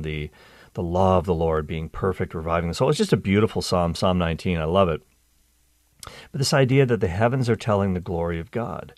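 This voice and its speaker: Enthusiastic low-voiced male radio host. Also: dry recording, clean studio sound. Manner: enthusiastic, with frequent restarts and pitch jumps. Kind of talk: Catholic radio talk show monologue.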